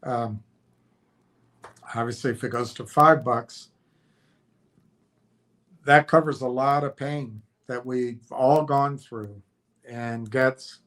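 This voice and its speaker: A man hosting a livestream in a casual chat, reading out viewer comments with many fillers and trailing pauses. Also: mid-range voice, steady tone, fairly bright tone. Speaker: livestream host.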